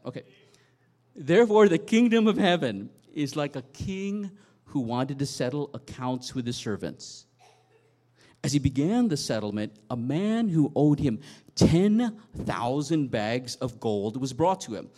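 Animated man preaching a sermon. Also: a little high. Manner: animated storytelling with dramatic swings in loudness. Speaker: pastor.

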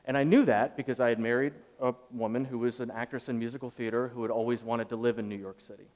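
A man's voice: mid-range voice, fairly even intonation, fast talker, darkish tone. A man in his thirties preaching a sermon, telling a personal story in a conversational way with joking asides. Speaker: pastor. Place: large hall with audience. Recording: roomy echoey hall, mic far off.

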